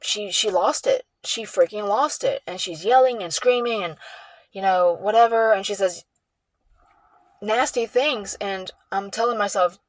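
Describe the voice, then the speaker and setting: A woman vlogging an emotional personal story in a rambling, halting way, full of restarts and repeats. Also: mid-range voice, no echo.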